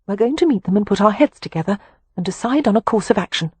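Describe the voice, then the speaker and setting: A woman reading as a brisk, reassuring sister. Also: mid-range voice, animated, slightly rough, no echo, voice pushed up.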